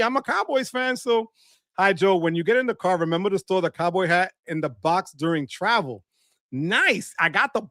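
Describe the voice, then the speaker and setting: A man's voice: fairly high pitch, a bit bright, no room sound, studio quality. A man hosting a casual livestream, reading the chat, greeting viewers by name and laughing often. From Bronx, New York. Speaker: livestream host.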